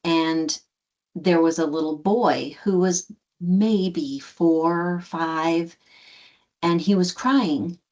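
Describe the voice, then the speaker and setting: Recorded with a muffled sound, this American woman speaks extremely slowly in a voice on the low side. A guest and adoptive mother, she tells a story conversationally, animatedly performing quoted dialogue with frequent restarts.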